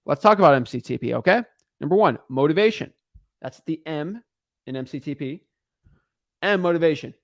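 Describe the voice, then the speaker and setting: A man's voice: a little high, a little fast. A young man coaching on a live stream, emphatic and repetitive, driving his points home. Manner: emphatic, repetitive, acts out callers' voices. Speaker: real estate wholesaling coach. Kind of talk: energetic live-stream teaching.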